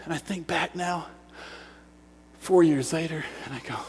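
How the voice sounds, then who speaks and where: A youth pastor preaching a sermon, telling stories with animated swings from shouts to hushed words. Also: male voice, fairly high pitch, unhurried, long pauses, big-room sound, slight background noise. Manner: animated storytelling, bursts of shouting, then hushed. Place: church sanctuary.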